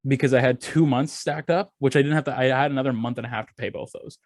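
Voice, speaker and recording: A young man and podcast host in casual chat, telling an animated, profane story and acting out the dialogue. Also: mid-range voice, quick pace, no room sound, studio quality. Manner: animated storytelling, acts out dialogue, swears freely.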